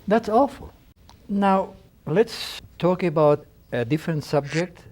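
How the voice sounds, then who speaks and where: A man's voice: high-pitched, expressive, slow, darkish tone. A man with an Argentine Spanish accent plays a therapist, earnestly asking clinical questions in a mock therapy session. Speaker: therapist in a comedy sketch.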